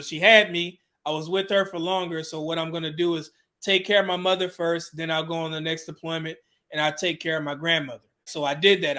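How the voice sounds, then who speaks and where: A man with a high, bright voice tells a candid personal story as an interview guest. He talks casually and loosely, with plenty of filler words and the odd curse word. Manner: casual, with frequent "you know" fillers and swearing.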